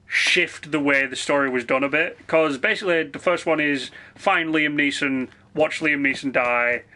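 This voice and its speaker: A man's voice: on the high side, bright, forceful tone. A man streaming a video game, chatting casually and rambling with frequent swearing. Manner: rambling, swears freely, quick asides. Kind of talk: casual live-stream chat.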